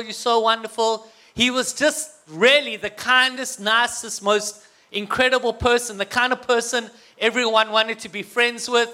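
A man's voice: extremely high pitch, sharp tone. A man with a South African accent telling a humorous personal story to an audience, getting the crowd to call back. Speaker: guest speaker.

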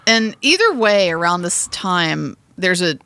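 A woman co-hosting a comedy podcast, her voice bright and forward. She riffs with emphatic, profane asides in loose casual chat. The sound is close and dry, with no room at all. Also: fairly low pitch, sing-song, no room sound. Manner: emphatic and profane, quick riffing. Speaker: podcast co-host.

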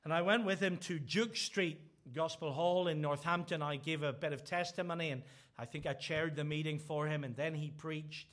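Guy preaching, middle-aged, bit high voice, earnest, hammers repeated lines. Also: steady tone, normal speed, fairly bright tone. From Northern Ireland. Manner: earnest, builds to emphatic repeated phrases. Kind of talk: sermon.

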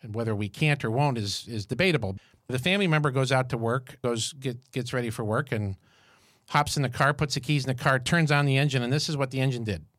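A man's voice: medium pitch, quick pace, no room sound, clean studio sound. Fifty-something man telling a story. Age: 50s. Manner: storytelling, animated and jokey. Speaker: podcast co-host. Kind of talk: casual chat.

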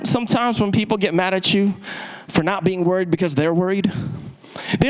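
High pitched guy preaching, fired up, swoops his voice up and down, repeats words a lot. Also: expressive, normal speed, low-quality recording. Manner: impassioned, repeats words, swings pitch up and down for emphasis. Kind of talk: sermon.

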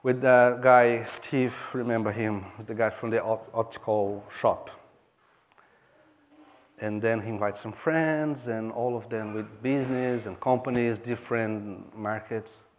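A pastor from Brazil, speaking in Portuguese-accented English, tells a story earnestly during a sermon, his phrasing halting and non-native. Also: fairly low pitch, fairly even intonation, a little hiss or hum.

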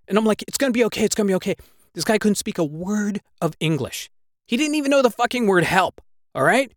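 In a high voice, a man tells a gripping story from his own life, the swearing pouring out as the words tumble in a breathless rush. He grows emotional and worked up, sometimes heavily so. There's no echo; the sound is dry and close.

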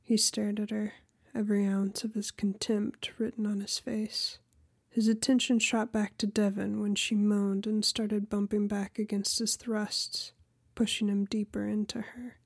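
Gravelly, slow woman narrating softly. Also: medium pitch, little pitch movement, no echo, clean studio sound. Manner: soft, often half-whispered reading. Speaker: audiobook narrator. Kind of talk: erotic audiobook narration.

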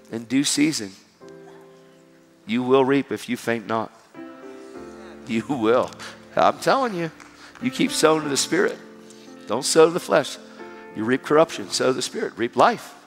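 A man preaching a sermon, telling a story with animated, emphatic exhortations. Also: on the high side. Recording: reverberant hall with music behind.

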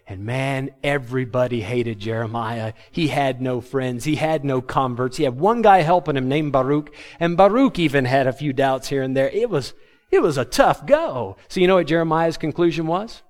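A man preaching a sermon to his congregation, animated and humorous, acting out the words of biblical figures. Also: medium pitch, moderate pace. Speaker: pastor.

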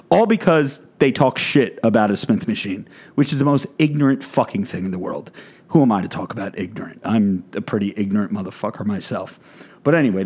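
A man's voice: lowish voice, a little mellow, husky. A man, a fitness content creator, delivering a blunt, profane rant in a vlog monologue.

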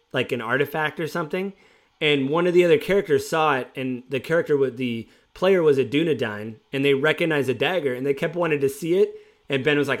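Man animatedly retelling old game stories. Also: on the high side. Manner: animated retelling, acts out players' quotes. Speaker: former game master. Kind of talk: casual storytelling chat.

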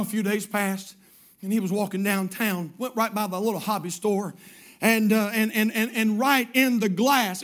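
A pastor preaching a sermon as a story, repeating his phrases and swinging from hushed lines to shouts. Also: high voice.

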